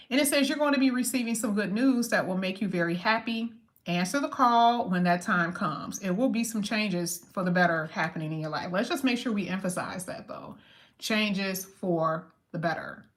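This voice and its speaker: Speaking in a mid-range voice, this tarot reader chats in a lively, casual way straight into the camera for her viewers. She eases her pace whenever she wants to stress important phrases.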